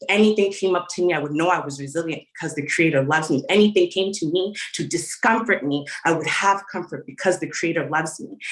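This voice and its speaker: A woman's voice: fairly low pitch, poor audio. A young adult woman from Canada performing a spoken word poem at an open mic, impassioned and rhythmic, with repeated phrases.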